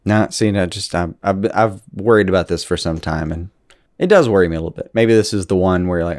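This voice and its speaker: Man, podcast co-host, lowish voice, dry close sound, easygoing, wry, casual chat. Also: fairly quick, a little mellow, dry recording. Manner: easygoing, wry, laughs at himself.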